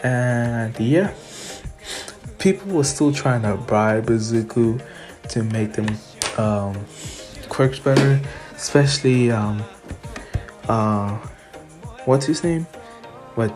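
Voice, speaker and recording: Brief: very deep-voiced woman, slow, rambling fan storyteller, giggly. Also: a little mellow, faint music behind. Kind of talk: casual retelling of a fan what-if story.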